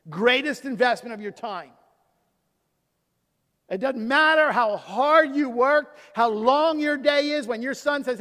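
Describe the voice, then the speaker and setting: A middle-aged man, a pastor, preaching a sermon with emphasis, swinging from loud to hushed. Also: extremely high pitch, measured pace. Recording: long hall reverb.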